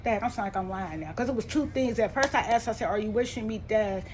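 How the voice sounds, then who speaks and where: A woman telling a painful family story to her vlog audience. She speaks in a rambling, colloquial, heartfelt way, her voice rising and tightening when upset and falling soft and low when sad. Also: fast, background noise. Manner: rambling and heartfelt, with many restarts and fillers; colloquial, with informal grammar. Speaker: vlogger. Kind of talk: emotional personal storytelling to camera.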